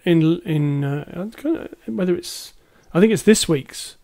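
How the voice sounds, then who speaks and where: Male podcast co-host, fairly high voice, hesitant but enthusiastic, casual talk. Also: unhurried, warm tone. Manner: hesitant, many ums, enthusiastic. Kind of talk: casual film discussion.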